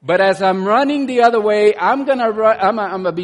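A man preaching a sermon in an animated way, dropping to quiet asides and rising to loud bursts, often repeating words as he restarts. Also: high-pitched, normal speed, hardly any pauses. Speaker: pastor.

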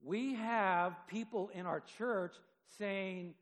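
A man delivers a sermon in a high, gravelly voice, reading scripture and then talking it over with his listeners. His delivery stays conversational but rises in force when he drives a point home. The sound carries a long reverb, as though captured in a large church sanctuary. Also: slow, hardly any pauses. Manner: conversational, reads scripture aloud, rises for emphasis. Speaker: preacher.

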